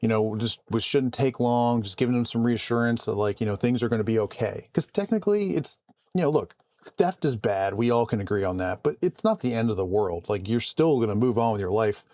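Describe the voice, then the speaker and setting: A man vlogging casually about his work, calm and conversational with frequent restarts. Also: medium pitch, a little fast, no room sound. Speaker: vlogger and IT support worker. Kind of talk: casual storytelling to camera.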